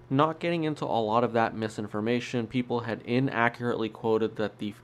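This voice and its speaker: Nasal, chatty car-vlog host man. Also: lowish voice. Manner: upbeat, chatty and emphatic. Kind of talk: solo vlog commentary.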